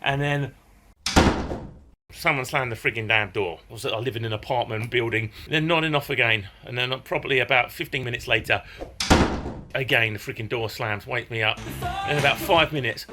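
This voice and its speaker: A man, telling a dramatic story in a casual vlog, animated and swearing often. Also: medium pitch, moderate pace, pauses often, slight background noise. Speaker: vlogger.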